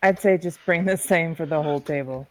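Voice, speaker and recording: A woman's voice: low voice, a little fast. A woman playing a tabletop game, chatting casually with a wry, dry sense of humor. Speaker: player.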